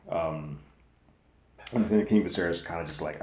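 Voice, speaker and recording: A man hosting a casual, slangy TV recap and review, animated and loosely acting out what characters say. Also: low-pitched, normal speed, pauses often. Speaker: TV recap host. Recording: echoey room.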